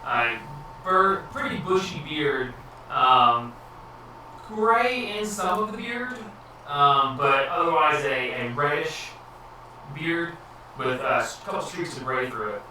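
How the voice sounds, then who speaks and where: A man narrates as game master, describing scenes with pauses and fillers in a slightly high voice. The sound is distant and very echoey, with clear background noise. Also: lively intonation, bright, forceful tone. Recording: echoey room, far from mic.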